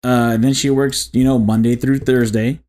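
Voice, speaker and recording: A man's voice: mid-range voice, level tone, moderate pace, darkish tone. A man co-hosting a podcast, chatting casually in a rambling way, full of fillers and "dude". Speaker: podcast co-host. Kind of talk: casual chat.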